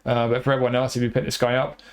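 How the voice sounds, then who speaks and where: Male game reviewer, quick delivery, flat intonation, rambling with fillers. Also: mid-range voice. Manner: rambling, repeats himself, many fillers. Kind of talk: casual commentary over gameplay.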